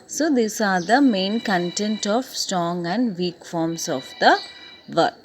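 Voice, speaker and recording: Slow, deliberate woman teaching a lesson. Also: medium pitch, expressive, faint music behind. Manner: slow and deliberate, repeats key points. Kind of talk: recorded English lesson.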